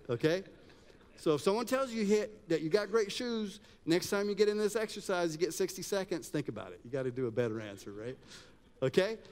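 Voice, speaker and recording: A man running a live audience exercise at a talk, joking and directing people as he goes. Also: high-pitched. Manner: energetic, joking, directs the crowd. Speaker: workshop speaker. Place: event hall with live audience. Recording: long hall reverb.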